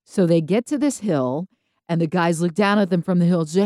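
A woman co-hosting a podcast, telling Bible stories casually and acting out the characters in quick voices. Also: fairly low pitch, dry recording, studio quality. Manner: animated storytelling, acts out biblical characters in quick voices. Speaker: podcast co-host.

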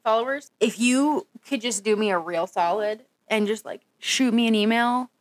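A woman's voice: on the high side, moderate pace, dry recording, studio quality. A young woman co-hosting a podcast, telling a long personal story in casual chat, full of "like". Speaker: podcast co-host.

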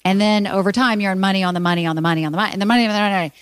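A woman guest on a podcast, explaining money matters in an emphatic, animated, casual way. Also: medium pitch, very fast, clear, resonant tone, no echo. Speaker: podcast guest, finance expert.

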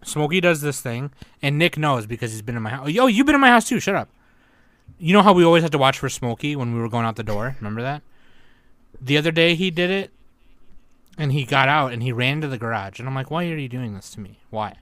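A man's voice: mid-range voice, sing-song, quick pace, fairly bright tone, no room sound. A young man hosting a podcast, telling stories in casual chat, swearing and laughing often. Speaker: podcast host.

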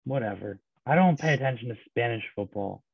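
A man co-hosting a casual sports podcast, chiming in with short, dry remarks and quick asides. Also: medium pitch, animated, creaky, breathy edge, no room sound. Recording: tinny phone-like sound, dry.

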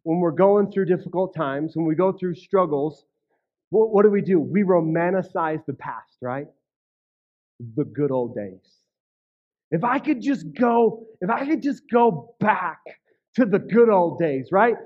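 A man with a notably high voice gives a casual, conversational sermon as a pastor. He keeps checking in with his listeners and repeats words as he gets going. The recording is slightly dull and lo-fi. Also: animated, unhurried. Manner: conversational, frequent "right?" and "okay?" asides; repeats words when starting phrases.

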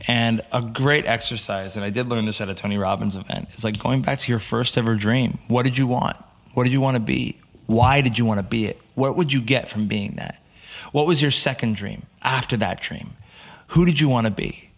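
An animated man from the United States talks as a podcast guest, telling his stories with energy and acting out what other people said. His voice sits at an ordinary middle pitch for a man. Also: brisk. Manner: animated storyteller, acts out quotes. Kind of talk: casual storytelling interview.

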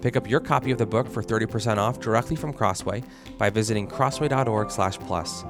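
Low-voiced male podcast host over guitar music. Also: brisk. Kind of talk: interview questions and scripted outro.

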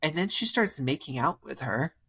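A man's voice: fairly high pitch, moderate pace, vocal fry, breathy edge. A young man in casual podcast chat, telling a wild dating story with lots of fillers and acted-out quotes. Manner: animated, filler-heavy, acts out quotes. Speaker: podcast co-host.

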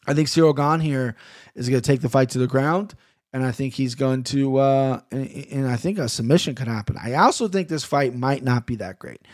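A man's voice: mid-range voice, brisk, no room sound, studio quality. A man hosting a casual fight-picks podcast, talking in a laid-back, rambling, self-deprecating way. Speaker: podcast host. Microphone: podcast mic on camera.

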